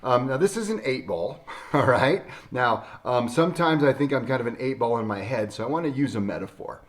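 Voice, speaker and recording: A man's voice: medium pitch, lively intonation, fairly quick. A man who works as a chiropractor, talking casually to camera in a folksy, storytelling way with emphatic turns.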